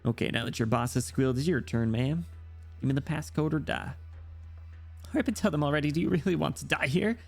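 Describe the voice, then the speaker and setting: A man voicing a cold, threatening male gang enforcer, drawing out his threats slowly while reading a game story aloud. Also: fairly high pitch, vocal fry, faint music behind. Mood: menacing.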